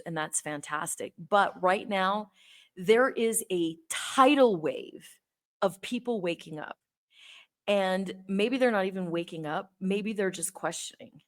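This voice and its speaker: A woman's voice: fairly low pitch, expressive, slow. A woman hosting her own channel, earnestly explaining her points one by one to the camera. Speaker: host.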